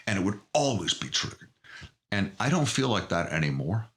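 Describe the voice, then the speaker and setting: A middle-aged podcast guest with a very low, forceful voice answers interview questions with earnest, emotional openness in a candid conversation. He speaks in halting bursts with big pitch swings, frequently restarting his sentences.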